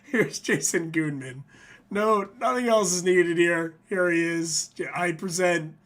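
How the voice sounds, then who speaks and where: A man's voice: sits high, measured pace, fairly bright tone. A man hosting a livestream, giving profane, casual commentary and laughing often between remarks. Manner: swears freely, laughs often. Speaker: livestream host.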